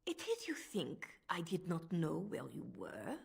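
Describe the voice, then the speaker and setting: A woman's voice: fairly low pitch, huge pitch swings, measured pace, vocal fry, darkish tone, slight background noise, exaggerated voice. An actress with a French accent voicing a cold, manipulative woman spymistress in a video game, speaking in a silky, menacing way. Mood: scheming.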